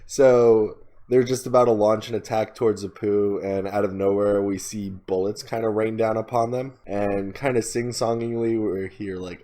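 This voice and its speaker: Low-voiced casual man recapping with fillers. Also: steady tone, normal speed, warm tone. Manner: casual, retells scenes with many "like" fillers, quoting characters in his own voice. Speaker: podcast co-host.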